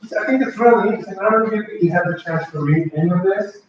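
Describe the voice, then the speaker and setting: A man's voice: high-pitched, quick pace, a little hiss or hum. A man presenting a language-learning workshop to a live audience, talking conversationally and often asking the audience questions. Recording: echoey, dull, mic far away.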